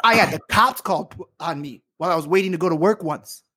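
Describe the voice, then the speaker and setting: A husky, breathy woman in a heated podcast rant. She swears freely and her voice pitches up as anger takes over. She apologizes between outbursts. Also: quick pace, pushed and bright. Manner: angry, profane, emotional rant. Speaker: podcast co-host. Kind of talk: heated casual chat.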